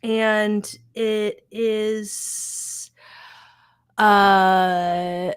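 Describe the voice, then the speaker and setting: Give me a chatty woman at a middle pitch recapping a show in a dry, close recording. She swears casually, laughs along, and tosses off quick paraphrased lines from the characters. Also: steady tone, clear, resonant tone, dry recording. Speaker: podcast host recapping a TV episode.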